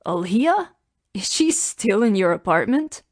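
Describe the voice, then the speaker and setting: A woman's voice: mid-range voice, very animated, unhurried, no echo, clean studio sound. Woman voicing a teasing sleepy younger brother.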